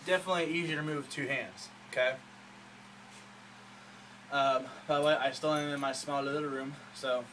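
A man with a slightly higher voice chats eagerly through a home show-and-tell video. He rambles, restarts and fills gaps with "uh" and "okay?". It is caught on a camera mic in a small room with faint hiss behind. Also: fairly even intonation, normal speed, long pauses, bright, forceful tone, rough recording. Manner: rambling, enthusiastic, many fillers. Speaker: hobbyist showing a custom saber. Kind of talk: casual show-and-tell vlog.

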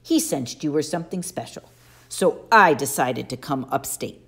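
Gentle wise teacher man, woman reader doing him, formal and patient, low-ish voice. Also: expressive, normal speed. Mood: kindly.

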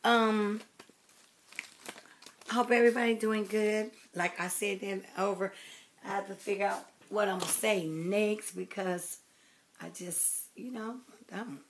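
A woman's voice: mid-range voice, fairly even intonation, a little slow, a little hiss or hum. Chatty woman rambling to her viewers. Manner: rambling, chatty, affectionate, drifts to soft murmurs. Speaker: doll collector vlogger. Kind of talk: casual chat to camera.

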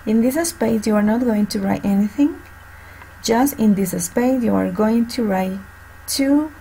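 Teacher lady, gravelly voice, slow careful explaining, faint hiss behind. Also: medium pitch, a little mellow, low-quality recording. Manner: slow, repeats and spells out words for students. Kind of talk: online class instruction. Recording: faint background noise.

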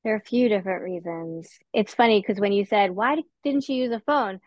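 A woman's voice: mid-range voice, a little fast, no room sound. Woman author, interview guest; reflective, self-correcting delivery; dry, slightly muffled recording. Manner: thoughtful, with restarts and soft laughs.

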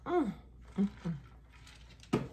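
A middle-aged woman chatting casually to camera about a shopping haul, an animated storyteller who often says "y'all.". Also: very slow, slight background noise. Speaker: haul vlogger.

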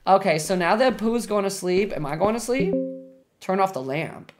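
Animated young woman streaming a game. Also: medium pitch, moderate pace, music in the background. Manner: chatty, reacts loudly, shrieks when scared. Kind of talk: live game stream commentary.

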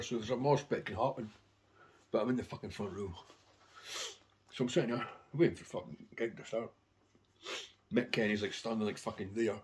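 A man's voice: on the low side, slight background noise. A man casually rambling through anecdotes about his record collection, swearing constantly.

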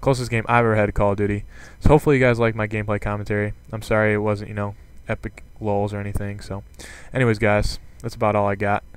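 A young man giving casual commentary on a video game, rambling and excitable, with lots of fillers. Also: lowish voice, quick pace, hardly any pauses, clean tone. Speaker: gaming commentator. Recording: game sound and gunfire behind. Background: gunfire from gameplay.

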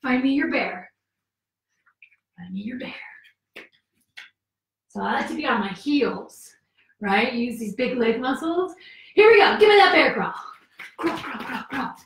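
A woman's voice: sits high, lively intonation, normal speed, a bit bright. A woman teaching a yoga class for kids, coaxing and cheerful, counting moves aloud and a little out of breath. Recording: echoey room, voice from far off.

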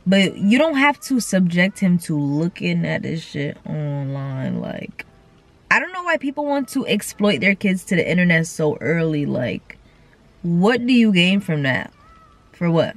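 A woman's voice: mid-range voice, measured pace. A young woman, chatting casually to camera and telling stories full of quoted voices. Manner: animated storytelling with quoted voices and laughs. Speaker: vlogger.

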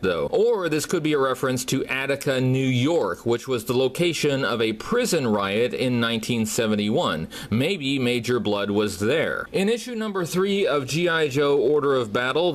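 A man reading a toy review aloud in a measured, earnest voice of ordinary pitch. He sounds steady and scripted, like a longtime reviewer.

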